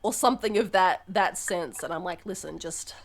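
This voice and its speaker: A young woman streamer chatting candidly on a live stream, swearing freely and breaking into loud laughs. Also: mid-range voice, normal speed, background noise. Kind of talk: casual live-stream chat.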